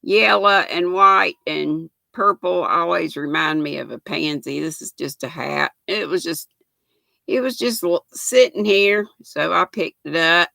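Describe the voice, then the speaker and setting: Folksy older Southern woman with a gravelly voice. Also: on the low side, measured pace, pushed and bright, dry recording. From Southern United States. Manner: folksy and affectionate, greets viewers by name. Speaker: host of a live crafting stream. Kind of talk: casual live-stream chat, reading viewer comments.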